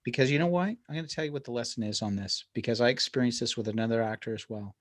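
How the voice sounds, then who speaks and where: A man's voice: medium pitch, quick pace. A man hosting a podcast, who chimes in with short agreements and then lays out a lesson with emphatic buildup. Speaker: podcast host. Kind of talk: casual podcast chat.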